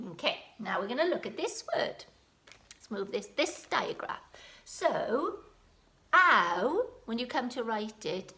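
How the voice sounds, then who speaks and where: Welsh lady teacher doing phonics, real slow, sounds out letters, bright voice. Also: on the high side. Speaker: primary school teacher. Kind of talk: phonics lesson for home learning. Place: home.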